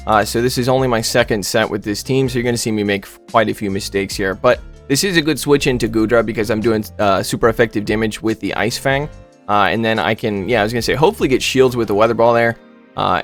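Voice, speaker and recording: A man talking through his gameplay in a loose, rambling way, stopping often on filler words and tossing in jokes. His voice sits at an ordinary middle pitch for a man. Faint music plays underneath. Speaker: gaming YouTuber. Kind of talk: casual gameplay commentary.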